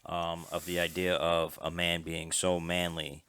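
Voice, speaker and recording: A man's voice: deep voice, completely flat delivery, a little slow, a bit bright, clear, resonant tone, no echo. A man co-hosting a casual podcast chat, explaining things at length with plenty of fillers. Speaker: podcast co-host.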